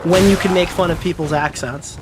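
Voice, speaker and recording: A man casually commentating on his livestream, rambling excitably with lots of swearing. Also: a little high, brisk, heavy background noise.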